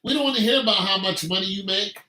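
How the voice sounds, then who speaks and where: A man's voice: high voice, fast talker, pushed and bright, roomy sound, rough recording. A man delivering an opinionated monologue in an emphatic, repetitive rant. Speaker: commentator.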